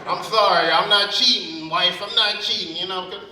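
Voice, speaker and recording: A male stand-up comic rambles through profane stories. His voice sits high and bright. The sound booms around an echoey venue from a distance. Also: normal speed. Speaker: stand-up comedian. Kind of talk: stand-up comedy set. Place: speakeasy venue. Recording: echoey room, mic at a distance.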